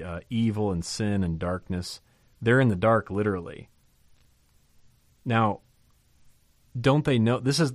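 Emphatic low-voiced male preacher. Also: no room sound, clean studio sound. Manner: animated, emphatic, repeats key phrases. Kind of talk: sermon teaching on a Bible text.

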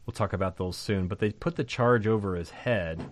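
Man, bible teacher, lowish voice, conversational, emphatic, rhetorical questions, dry close sound. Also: normal speed, no echo. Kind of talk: lecturing on a scripture passage.

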